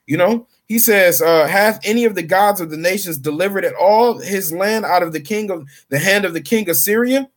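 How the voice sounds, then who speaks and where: Male bible teacher, higher pitch, loose slangy delivery between scripture readings. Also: moderate pace, few pauses. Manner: casual, slangy, reads scripture then paraphrases. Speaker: street preacher.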